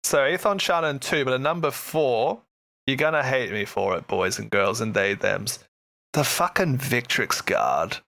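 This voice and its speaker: A man co-hosting a casual hobby podcast, excitable and jokey, swearing casually. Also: mid-range voice, a little slow, gravelly. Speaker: podcast co-host.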